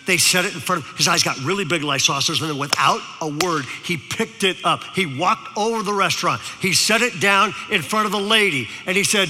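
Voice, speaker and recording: A man's voice: high-pitched, brisk, hardly any pauses, long reverb tail, background noise. A male pastor preaching a sermon, telling a story and drawing in his audience. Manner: storytelling, animated, engages the audience.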